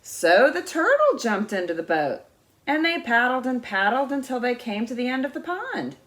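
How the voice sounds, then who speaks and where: A woman in her fifties reading a children's picture book aloud, expressive and pausing to point out the pictures. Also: mid-range voice. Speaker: guest reader of a children's book.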